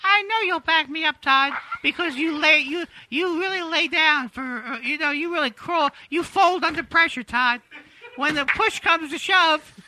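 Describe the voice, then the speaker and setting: A man doing an impression of a vain, self-absorbed female comedian on a comedy podcast, rambling in a high put-on woman's voice. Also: moderate pace, sharp tone, slight background noise, full character voice, low-quality recording. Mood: smug.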